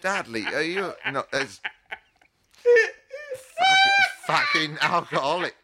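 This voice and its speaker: A rowdy man, cackling and bursting into shouted, rude improvised song. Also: a little high, huge pitch swings, takes it slowly.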